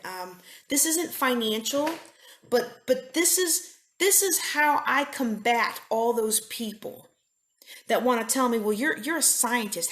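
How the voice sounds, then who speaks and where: A woman's voice: a little high, a bit bright. A woman telling personal stories in an earnest faith-based talk, often repeating her phrases. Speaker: financial speaker. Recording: echoey room.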